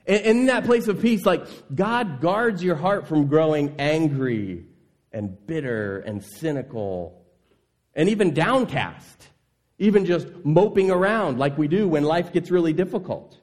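This pastor is very animated yet unhurried as he preaches earnestly. He addresses questions to the congregation, and key words come out in a soft, low voice.

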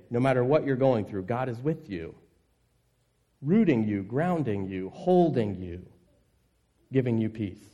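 A man preaching a sermon as pastor, earnest, asking the congregation questions and sinking into a soft, low voice on key words.

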